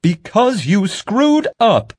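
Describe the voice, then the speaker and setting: A man voicing a vain, pompous male head of public relations who turns shrill and loud when angry. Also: sing-song, moderate pace. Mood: screaming.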